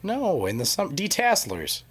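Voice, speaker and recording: A man's voice: fairly high pitch, huge pitch swings, normal speed, crowd noise. A man co-hosting a casual podcast, reading scripture passages aloud and then musing and joking about them. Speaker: podcast co-host. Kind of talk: casual religious discussion podcast.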